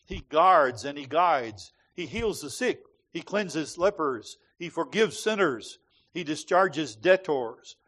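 A man's voice: fairly high pitch, animated, slow pace, a bit bright, husky. A man preaching a sermon to a congregation with a rhythmic, emphatic cadence.

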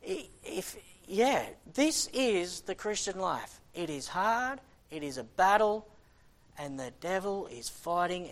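A man preaching a sermon with fervent conviction. His delivery rises to loud, pleading bursts and then drops into quiet, sighing asides. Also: high voice. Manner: impassioned, swings between loud exhortation and quiet, sighing asides. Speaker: missionary preacher.

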